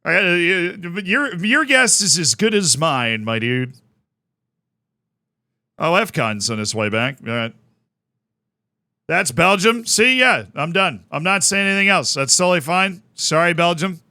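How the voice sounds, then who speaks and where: A man's voice: a little high, very animated, unhurried, sharp tone, no echo. A young man from the United States chatting casually on a live stream, rambling and self-mocking as he thanks viewers by name.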